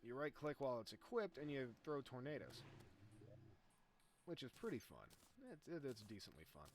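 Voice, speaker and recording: A man giving casual, chatty commentary over his own game, explaining as he plays and getting excited when the fight turns close. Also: medium pitch, moderate pace, slight background noise. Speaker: gaming YouTuber.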